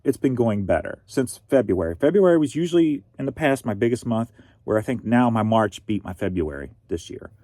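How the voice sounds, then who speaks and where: A man's voice: mid-range voice, animated, a little fast, warm tone, dry recording. Man, sore throat, casual rambling vlog talk, wry, dry close sound. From Missouri, USA. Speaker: reseller vlogger.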